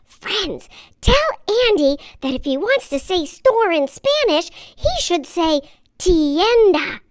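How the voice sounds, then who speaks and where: A woman's voice: very high-pitched, big pitch swings, slow pace, full character voice. A woman voicing a cheerful young girl who teaches Spanish words to small children in an encouraging, sing-song way, with children's music behind. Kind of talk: children's bilingual lesson.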